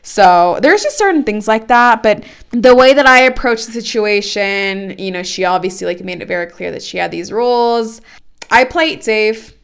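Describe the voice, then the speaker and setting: A woman's voice: mid-range voice, animated, moderate pace, clear, resonant tone. A young adult woman chatting casually as a podcast co-host, telling a story with lots of fillers. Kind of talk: casual chat.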